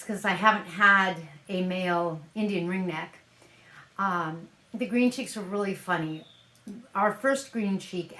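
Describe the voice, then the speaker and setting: Woman, vlog host, chatty and musing, mid pitch, roomy echo. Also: a bit bright. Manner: chatty, musing, thinks aloud with hedges. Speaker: parrot-keeping vlogger. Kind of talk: casual explainer vlog. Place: at home, handling a parrot. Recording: echoey room.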